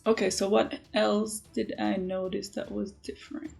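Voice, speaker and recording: Jamaican woman vlogger, mid-pitched, chatty and emphatic, faint music behind. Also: moderate pace, vocal fry. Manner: animated, emphatic, frequent "like". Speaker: beauty vlogger. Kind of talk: casual chatty storytelling.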